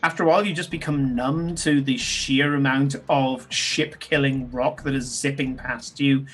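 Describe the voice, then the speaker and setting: A man serves as game master in a tabletop game, narrating loosely and descriptively with many ums and restarts. His voice is mid-range and steady, at normal speed.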